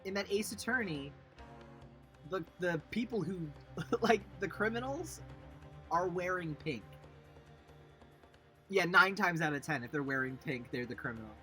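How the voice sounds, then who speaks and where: A man's voice: sits high, lively intonation, unhurried, pauses often, sharp tone. Chatty male game streamer. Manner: chatty, amused asides. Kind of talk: let's play commentary. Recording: game music behind.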